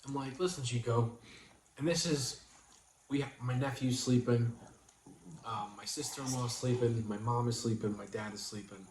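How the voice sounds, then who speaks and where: A man's voice: medium pitch, fairly even intonation, moderate pace. A middle-aged man hosting a casual livestream, telling a story and acting out quoted lines with energy. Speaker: vlog host. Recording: echoey room with faint noise.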